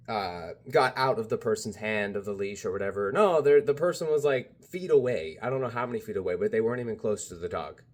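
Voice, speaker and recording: Guy rambling on his vlog, kinda low voice, lots of "you know" and "bro". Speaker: spiritual vlogger. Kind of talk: casual rambling monologue.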